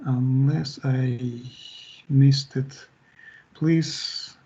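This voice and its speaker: A man presenting a live webinar, answering chat questions and wrapping up. He talks in a halting way, with frequent fillers and restarts. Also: mid-range voice, steady tone, mellow, breathy edge. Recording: dull, lo-fi webinar audio.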